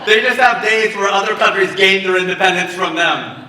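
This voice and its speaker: A man doing a stand-up comedy set at a wedding, working the crowd with animated, laughing asides. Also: sits high, a little slow, long pauses, noisy background. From United States. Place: wedding reception venue. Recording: roomy, far-off mic with loud crowd.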